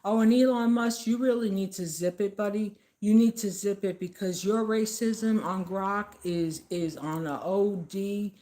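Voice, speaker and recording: A woman's voice: mid-range voice, unhurried, few pauses, mellow. A woman at home, giving a casual political rant to the camera. She scolds her targets emphatically and says the same phrases over and over.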